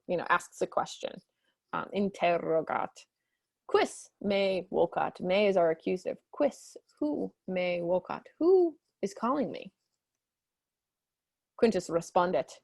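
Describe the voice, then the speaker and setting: A woman teaching Latin, reading lines slowly and then explaining them quickly in English. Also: gravelly, no echo, clean studio sound. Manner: acts out characters with high squeaky voices. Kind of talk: explaining a textbook story.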